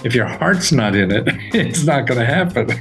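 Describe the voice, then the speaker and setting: An older man talking as a podcast guest, animated and laughing often, with his voice jumping high when he gets excited. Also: normal speed, faint music behind, rough recording. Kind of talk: casual interview talk.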